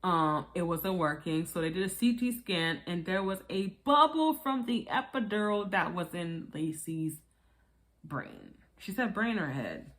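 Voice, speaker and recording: A woman giving casual commentary on a reality show, chatty and animated, acting out quotes in high voices and often laughing. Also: unhurried. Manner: frequent laughter. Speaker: reality TV reviewer.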